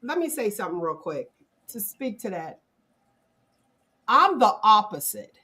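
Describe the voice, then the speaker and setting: A woman's voice: mid-range voice, big pitch swings, a little slow, pushed and bright, slightly rough. A woman hosting a casual panel talk show, speaking candidly and directly in conversation.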